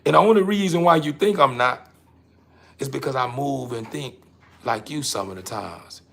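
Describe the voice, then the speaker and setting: Gravelly-voiced man preaching to camera. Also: animated, moderate pace. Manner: emphatic, repetitive, swings between loud and low. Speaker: host of his own online show. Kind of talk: casual preachy monologue to camera.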